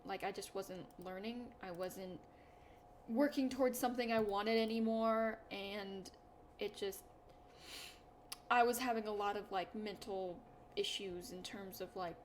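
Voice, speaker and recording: A woman's voice: medium pitch, fairly even intonation, a little slow, slight background noise. A young woman chatting casually to her viewers, telling self-deprecating stories in a rambling way with lots of fillers and restarts. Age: young adult. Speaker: YouTuber. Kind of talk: casual chat to camera.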